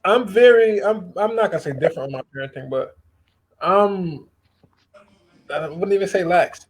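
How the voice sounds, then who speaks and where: A man's voice: high voice, expressive, normal speed, slightly rough. A father speaking in a casual group chat, weighing his words hesitantly and leaning on fillers. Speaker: father of a young daughter.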